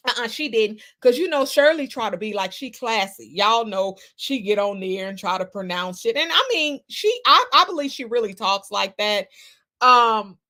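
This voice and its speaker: A woman's voice: fairly high pitch, lively intonation, normal speed, sharp tone. A woman hosting a livestream and giving gossip commentary. She is emphatic, salty and profane, and she greets viewers in the chat by name. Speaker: livestream host reading chat.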